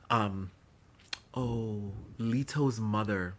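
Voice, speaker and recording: A man's voice: on the low side, expressive, a little slow, a bit bright. A man vlogging at home, chatting casually about a series in a rambling, emotional way, with many fillers and restarts. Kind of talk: casual chat. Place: indoors at home during a thunderstorm.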